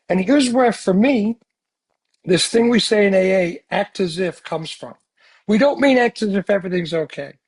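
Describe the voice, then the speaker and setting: A man giving an earnest, animated recovery talk full of rhetorical questions. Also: high-pitched, husky. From United States. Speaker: speaker sharing recovery story.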